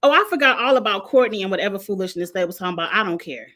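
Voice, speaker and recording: Talking very fast in a mid-range voice, this woman reviews reality TV with a sassy, exasperated edge. It's an animated, casual rant recapping a show.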